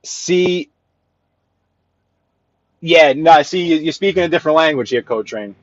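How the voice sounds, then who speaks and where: A man with a voice on the high side rants expressively, a little slowly, while driving during a live vlog, talking to his chat. He's a livestreamer and sales rep, exasperated and repeating himself. The audio is dull and has no room sound.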